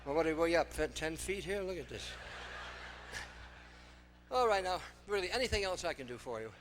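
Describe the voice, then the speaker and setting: A man's voice: fairly high pitch, expressive, moderate pace, fairly bright tone, a little hiss or hum. Winded older man joking on stage. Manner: self-mocking, chatty stage banter. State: out of breath. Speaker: song-and-dance entertainer. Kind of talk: live stage patter with jokes. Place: live stage before an audience.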